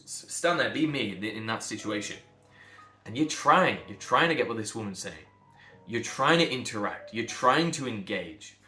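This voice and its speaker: A man's voice: mid-range voice, pushed and bright. A man coaching pronunciation, blunt and emphatic, repeating phrases to drive points home. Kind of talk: direct-to-camera lesson. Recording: echoey room with faint music.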